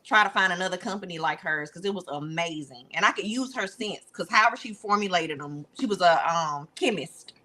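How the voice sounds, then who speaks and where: A woman's voice: on the low side, fairly quick, few pauses, sharp tone. A woman guest in casual chat, telling a story earnestly.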